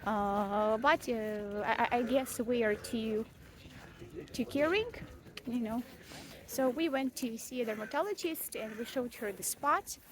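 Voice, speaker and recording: A woman's voice: on the high side, a little slow. A young mother venting in a casual, rambling vlog, frank and self-mocking, with frequent swearing and fillers. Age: young adult. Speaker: vlogger, mother.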